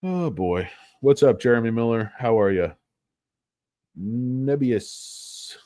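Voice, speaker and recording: A man's voice: mid-range voice, expressive, slow, warm tone, no echo, studio quality. A man hosting a casual stock trading livestream, rambling and joking as he talks. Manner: rambling, joking, bouncy delivery.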